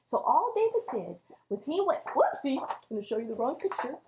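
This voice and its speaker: A woman teaching a children's Sunday school lesson, telling the story in an animated way and addressing the kids as friends. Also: high voice, fairly quick, background noise. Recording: echoey room, dull lo-fi audio.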